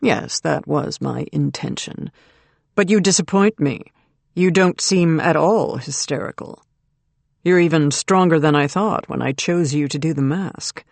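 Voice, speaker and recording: Audiobook role: sneering male villain with soft threat, done by the narrator, dry studio sound. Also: medium pitch, a little slow, creaky, no room sound. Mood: mocking. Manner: mocking, soft-spoken menace. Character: threatening male kidnapper, mocking and cold. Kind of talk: audiobook character reading.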